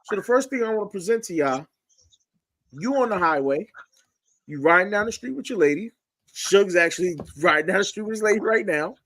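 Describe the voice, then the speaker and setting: A man hosting a casual group chat, animated and putting questions to his guests. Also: high-pitched, brisk. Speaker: podcast host.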